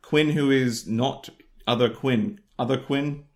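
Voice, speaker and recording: A man's voice: medium pitch, steady tone, slow, darkish tone. Argumentative man bantering on a podcast. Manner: argumentative, swears, bursts of emphasis. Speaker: podcast co-host. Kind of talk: casual banter.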